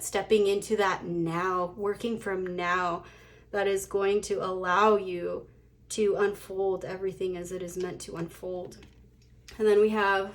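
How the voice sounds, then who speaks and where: A woman giving a casual pick-a-card tarot reading, chatty and giggly, talking to the viewers as she pulls cards. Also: mid-range voice. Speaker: tarot reader.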